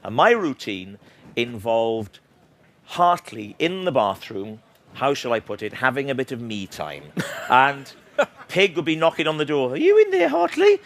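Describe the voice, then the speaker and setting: A man's voice: medium pitch, animated, a little slow, fairly bright tone. A middle-aged Welsh man with a slight sore throat, chatting playfully as an interview guest and mocking himself. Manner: playful, self-mocking, laughs often. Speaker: author and comedian guest. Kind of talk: casual interview chat.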